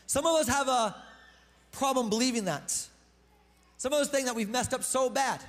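A man's voice: very high voice, fairly bright tone. A man preaching a sermon as pastor to his congregation, talking to them in a casual, emphatic way. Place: church hall. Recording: long reverb of a hall.

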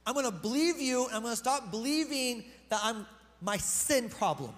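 A man's voice: very high-pitched, lively intonation, normal speed, fairly bright tone. A man preaching a sermon as pastor to his congregation, talking to them in a casual, emphatic way. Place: church hall. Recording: long reverb of a hall.

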